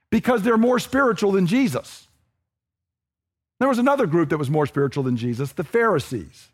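A man preaching a sermon in a conversational, emphatic way, often checking in with his listeners. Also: high voice. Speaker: pastor.

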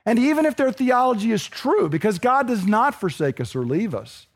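A man's voice: extremely high pitch, very animated, moderate pace, husky. A middle-aged man preaching a sermon as pastor, earnest and building to emphatic intensity.

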